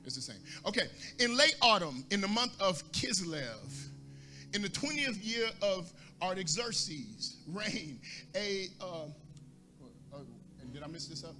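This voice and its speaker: A man's voice: high voice, very animated, unhurried, over music. A man pastor preaching a sermon, asking the congregation for responses and rising into a sung cadence.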